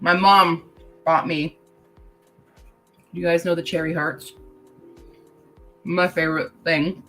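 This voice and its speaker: A woman's voice: fairly low pitch, fairly even intonation, slow pace, pauses often, sharp tone, faint music behind, low-quality recording. A woman hosting a casual writing-sprint livestream. She reads chat comments aloud, laughs often and talks while chewing candy.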